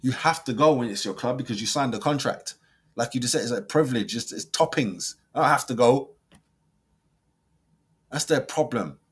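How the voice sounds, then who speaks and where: Give me a football fan vlogger with a husky voice, ranting heatedly to camera at a middle pitch. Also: male voice, expressive, moderate pace, pauses often. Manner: heated, slang-heavy rant with swings from loud mockery to low muttering.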